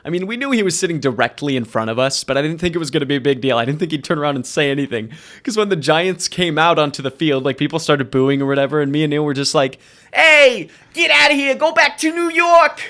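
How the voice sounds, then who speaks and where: A young man co-hosting a podcast in casual chat, animated and laughing often. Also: fairly high pitch, fast. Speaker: podcast co-host.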